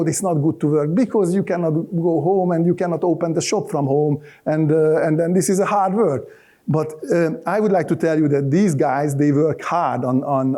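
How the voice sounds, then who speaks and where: A middle-aged man with a Hungarian accent gives a loose, joking live presentation in a conference hall. His voice is on the high side and mellow, and his talk is full of restarts and fillers.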